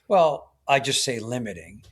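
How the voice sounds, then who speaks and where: A man's voice: mid-range voice, lively intonation, normal speed, a bit bright. Earnest emphatic man coaching on a podcast. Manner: earnest, emphatic, often tags points with "right?". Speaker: guest, men's coach and author. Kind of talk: podcast interview conversation.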